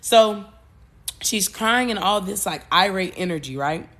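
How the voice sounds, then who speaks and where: A woman hosting a podcast, retelling a movie plot in a loose, animated way, with cursing and frequent self-corrections. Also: mid-range voice, unhurried, a little hiss or hum. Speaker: podcast host.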